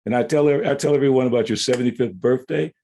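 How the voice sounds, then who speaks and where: A man's voice: medium pitch, fast talker, warm tone. An older man speaking earnestly and affectionately about a fellow devotee.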